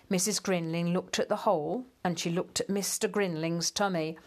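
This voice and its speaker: A woman narrating a children's storybook aloud in a slow, even, measured way. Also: fairly low pitch.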